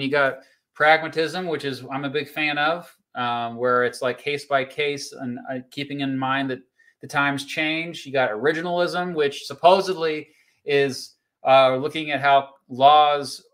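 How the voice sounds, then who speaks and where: A man's voice: mid-range voice, bright, forceful tone. A man hosting a casual livestream, reading viewer comments and explaining court rulings in a chatty way with plenty of fillers and restarts. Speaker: YouTube host reading live chat.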